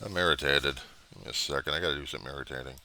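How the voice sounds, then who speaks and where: A man's voice: very deep voice, very fast, creaky, bright, forceful tone, a little hiss or hum. A man rambling and grumbling to himself at his home computer in a video diary, recorded on a webcam. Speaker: diary vlogger.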